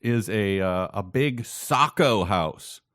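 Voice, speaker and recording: A man's voice: fairly low pitch, animated, slow pace, a bit bright, no room sound. A man co-hosting a casual book podcast, making dry, sarcastic asides. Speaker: podcast co-host.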